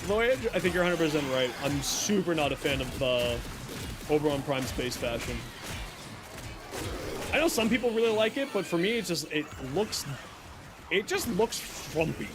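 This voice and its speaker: A young man livestreaming a game, talking casually with chat and ribbing his viewers. His voice sits fairly high and swings up and down a lot. Clear game noise runs behind him. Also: moderate pace, long pauses. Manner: animated, reacts to chat and teases viewers. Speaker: streamer. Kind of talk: casual live-stream chat while gaming.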